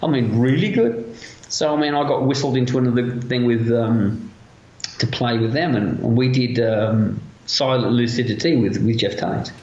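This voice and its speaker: A man's voice: medium pitch, moderate pace. Man, Birmingham accent, rambling anecdotes, swearing, roomy dull recording. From England. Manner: rambling, profane, animated anecdotes. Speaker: interview guest. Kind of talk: casual storytelling.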